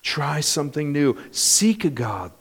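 A male pastor preaching a sermon in a church, animated, with bursts of loud emphasis. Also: on the high side, unhurried, breathy edge.

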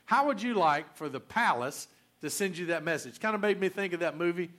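Preacher, male, folksy storyteller with joking asides, slightly higher voice, casual sermon delivery. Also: expressive, a little fast, a bit bright.

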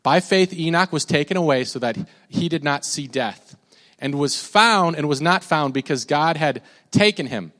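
A man's voice: fairly high pitch, moderate pace. Man preaching in an echoing church. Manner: animated, leads congregation call-and-response. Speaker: pastor. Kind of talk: sermon. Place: church sanctuary. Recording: long hall reverb.

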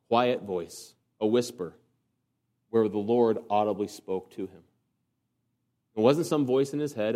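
A man preaching a sermon, earnest, asking rhetorical questions and swinging from emphatic peaks to quiet low passages. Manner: asks the congregation rhetorical questions.

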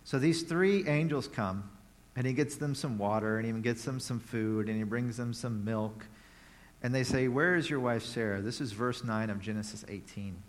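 A male preacher retells a scripture story as a sermon in an easygoing, conversational way, slipping in playful asides as he goes. His voice is medium-pitched and his pace moderate.

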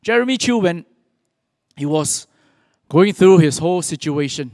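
A man preaching a sermon in an earnest manner, pausing often and quoting scripture. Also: fairly high pitch, expressive, darkish tone, no echo, studio quality, big-room sound. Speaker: pastor.

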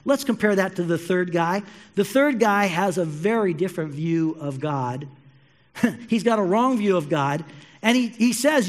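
A man preaching a sermon as a pastor, telling stories in an animated way and addressing his listeners directly. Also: high voice, unhurried, big-room sound. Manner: animated storytelling, speaks to listeners as you.

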